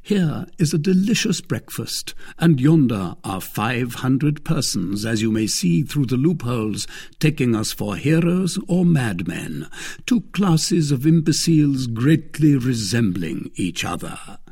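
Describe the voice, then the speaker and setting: A man's voice: medium pitch, sing-song, measured pace, darkish tone, breathy edge, heavily acted. A man reading a dry, ironic musketeer.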